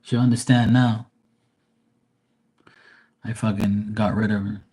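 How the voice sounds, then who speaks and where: Husky, low-voiced man swearing through stories. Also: level tone, slow, mellow. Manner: profane, rambling,喜 joking. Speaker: livestream tarot reader. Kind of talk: casual livestream storytelling.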